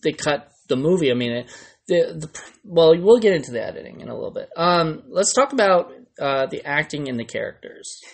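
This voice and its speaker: A man's voice: fairly high pitch, animated, fairly quick. A man co-hosting a podcast, talking loosely about films with lots of fillers. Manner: chatty and loose, with many fillers. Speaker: podcast co-host. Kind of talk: casual chat about films.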